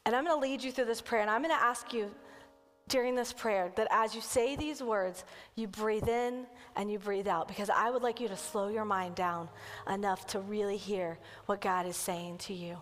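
A woman kids' pastor telling a story in a sermon and then leading the congregation through a slow, earnest breathing prayer. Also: mid-range voice, fairly even intonation. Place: church sanctuary. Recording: church hall with long reverb.

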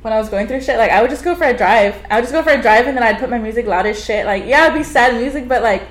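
A woman co-hosting a casual podcast chat, swearing freely and speaking with emphasis. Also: on the high side. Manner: fast, profane, emphatic. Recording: echoey room.

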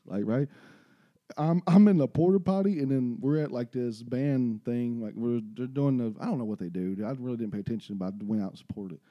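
A man in his twenties with a Texan accent, telling rowdy stories in casual slangy chat. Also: mid-range voice. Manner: animated, slangy, swears. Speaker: podcast guest telling stories.

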